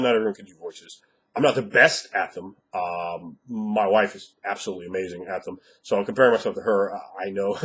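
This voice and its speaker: A man coaches other game masters in a blunt, emphatic monologue and swears freely to drive his points home. His voice is husky and a little hoarse from a recent cold. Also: on the low side, a bit bright. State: slightly hoarse after a cold. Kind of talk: instructional monologue.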